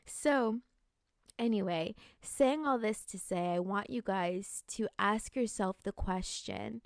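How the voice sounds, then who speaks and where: A woman in her late twenties hosts a podcast, speaking in a reflective, earnest way with a casual filler-heavy flow. Her voice sits at a middle pitch and is recorded close and dry, with no room sound. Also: takes it slowly, dry recording. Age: 20s. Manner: earnest, musing, with many "like"s. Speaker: podcast host. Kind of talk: reflective spiritual talk.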